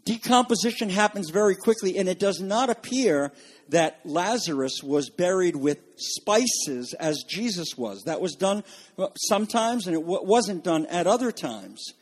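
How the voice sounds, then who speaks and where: A man's voice: sits high, animated, unhurried, breathy edge. A man preaching a sermon, reading passages aloud and explaining them to his congregation. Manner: reads quotations aloud, then explains them. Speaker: pastor.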